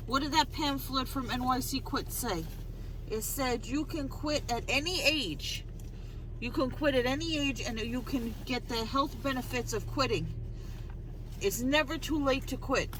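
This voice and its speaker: A woman's voice: sits high, unhurried, pauses often, noisy background. A woman, rambling and repeating herself as she chats to the camera in a casual vlog. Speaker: vlogger. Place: at home, then in her car.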